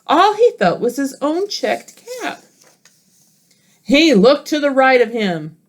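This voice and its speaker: A woman teacher reading a picture book aloud to children, expressive and asking listeners questions. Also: high-pitched, takes it slowly.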